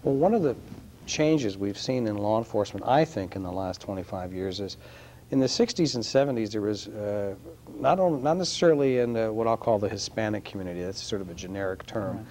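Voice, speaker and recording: A man's voice: fairly low pitch, lively intonation, brisk, darkish tone, a little hiss or hum. A man hosting a talk show who asks curious, conversational interview questions. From New York.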